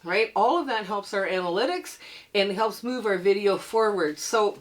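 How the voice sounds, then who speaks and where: A woman's voice: mid-range voice, animated, moderate pace. An older woman from Canada hosting a quilting channel, chatting casually and upbeat with frequent laughs, a bit under the weather and coughing. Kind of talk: casual tutorial chat to camera.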